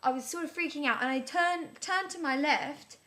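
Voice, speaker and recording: A woman's voice: high voice, moderate pace, sharp tone. A woman playing a rambling, bewildered amnesiac. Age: 30s. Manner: rambling, breathless, many restarts and filler words. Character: flustered woman in her thirties with amnesia, chatty and bewildered. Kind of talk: scripted character vlog.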